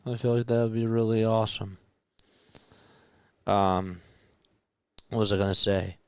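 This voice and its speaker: Young guy calling a ball game and chatting with chat, smooth lowish voice, dry close sound. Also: measured pace, dry recording. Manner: relaxed, chatty, answers viewer comments between calls. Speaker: play-by-play commentator and streamer. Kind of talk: casual radio-style play-by-play mixed with chat.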